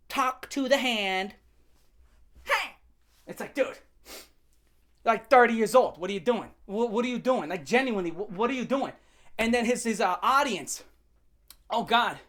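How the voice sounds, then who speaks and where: A woman's voice: a little high, expressive, moderate pace, long pauses. A woman ranting in commentary, heated and mocking, rambling with many restarts. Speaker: commentary ranter. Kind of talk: rant commentary.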